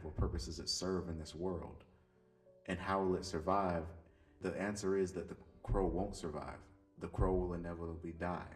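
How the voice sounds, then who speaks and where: Earnest low-voiced man, distant mic. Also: a little mellow. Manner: earnest, apologetic, opinionated, with restarts. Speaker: YouTuber discussing a show. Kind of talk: casual commentary vlog. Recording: distant mic with faint background music.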